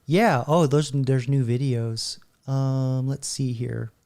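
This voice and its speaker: A man's voice: medium pitch, steady tone, slow pace, darkish tone. A man hosting his channel, talking casually and in stops and starts while he browses and reacts to videos. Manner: rambling, stop-start, laughing often. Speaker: channel host.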